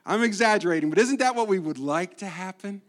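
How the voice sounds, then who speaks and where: A man preaching a sermon as a guest preacher, swinging between hushed asides and loud emphasis, with playful humor. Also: high voice, animated, fast.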